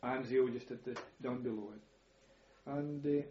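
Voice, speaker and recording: A man's voice: medium pitch, steady tone, measured pace, dark tone, slight background noise. An older man, telling war stories in an interview. He chuckles now and then and repeats words as he recalls events. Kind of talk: reminiscing storytelling. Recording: echoey room, slightly dull audio.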